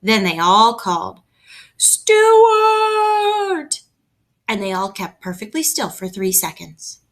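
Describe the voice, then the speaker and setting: A woman reading a children's book aloud at home, in a gentle, expressive storytelling manner. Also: mid-range voice, normal speed. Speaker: reader.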